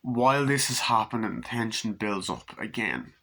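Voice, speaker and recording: Bright-voiced man ranting about a film. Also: very animated, moderate pace. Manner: rambling, profane, acts out scenes in high put-on voices. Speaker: movie reviewer. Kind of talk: casual spoken movie review. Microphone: camera mic.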